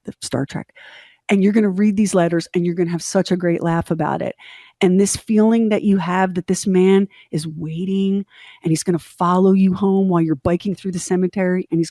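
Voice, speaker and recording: Animated storytelling woman, mellow voice. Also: on the low side, no echo, clean studio sound. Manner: candid, animated storyteller, acts out quotes. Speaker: podcast co-host. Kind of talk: storytelling in casual chat.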